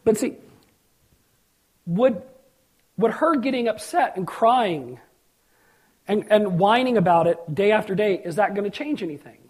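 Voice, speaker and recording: A middle-aged man delivers a sermon, weaving personal stories and acting out quotes before driving his points home with emphasis. His voice sits high for a man and has a husky edge. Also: sing-song, measured pace, long pauses. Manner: storytelling preacher, acts out quotes, rises to emphatic peaks. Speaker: pastor.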